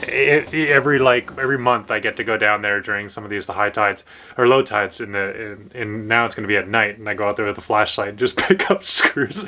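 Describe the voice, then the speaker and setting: A man's voice: fairly low pitch, a little fast, pushed and bright. A man rambling to his camera as he vlogs casually outdoors, stopping and restarting and laughing at his own troubles. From Canada. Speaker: vlogger living on a boat. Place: outdoors on the water and at a horse paddock. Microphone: camera mic.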